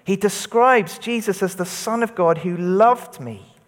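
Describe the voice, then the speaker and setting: With a high-sitting, unhurried voice and a long reverb tail, a man leads an all-age church talk in a church hall. He's lively and interactive, prompting children and adults to say words back in call-and-response.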